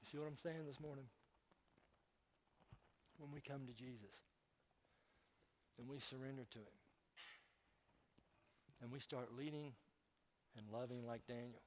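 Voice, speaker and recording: Male pastor, emphatic church sermon, storytelling, talks straight to the congregation, mid-pitched voice. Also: steady tone, measured pace, pauses often, slight background noise, low-quality recording.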